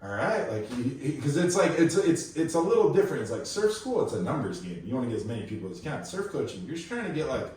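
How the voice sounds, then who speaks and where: A man's voice: medium pitch, big pitch swings, fast, few pauses, darkish tone, a little hiss or hum. A man from Kauai, a pro surfer guest, telling stories in a slangy, laid-back podcast chat full of fillers. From Kauai, Hawaii. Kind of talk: casual podcast storytelling. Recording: echoey room, mic at a distance.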